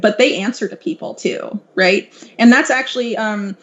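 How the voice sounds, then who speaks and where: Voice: medium pitch, moderate pace, a bit bright. A podcast guest explaining at length in casual chat, with a lecturing manner and frequent filler words. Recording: dull lo-fi audio.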